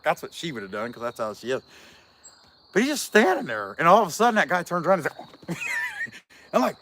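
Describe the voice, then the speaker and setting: A man's voice: a little high, expressive, fast, fairly bright tone. A man, a chainsaw carver, telling a long casual story in a folksy, chatty way full of fillers.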